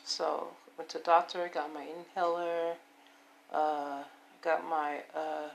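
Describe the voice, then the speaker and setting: Hoarse, gravelly woman in her fifties. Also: deep voice, level tone, slow pace, slight background noise. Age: 50s. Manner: rambling, repetitive, self-affirming. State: hoarse, voice giving out. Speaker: vlogger. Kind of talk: casual personal monologue.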